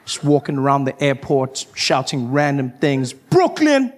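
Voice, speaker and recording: A man performing stand-up on a comedy stage, telling stories with animated, self-mocking delivery. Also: medium pitch, normal speed. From South Africa.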